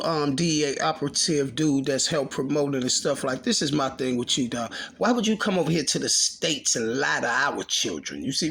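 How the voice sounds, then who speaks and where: A man's voice: a little high, slightly rough. A man giving heated street commentary, emphatic and repetitive, firing off rhetorical questions. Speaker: commentary channel host.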